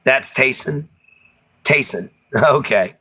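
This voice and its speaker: Man, Texan accent, livestream host, bright voice, easygoing chat, Southern slang, laughs a lot. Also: mid-range voice, expressive, slow, breathy edge. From Texas. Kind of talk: casual chat reading viewer comments.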